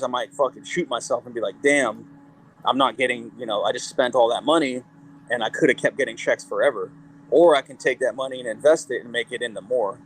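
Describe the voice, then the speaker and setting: A cannabis company CEO and musician, appearing as an interview guest, rambles through loose stories in a mid-pitched voice, cursing freely and stuffing every sentence with "like" and other fillers. He slips into quoted dialogue along the way. The recording is low quality, with faint background noise.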